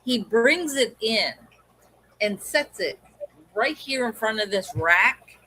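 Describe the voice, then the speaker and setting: A woman's voice: on the high side, takes it slowly, slightly rough. A middle-aged woman co-hosting a pet hobby live stream, chatting casually and acting out quoted lines as she tells a story. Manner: animated, acts out quoted dialogue.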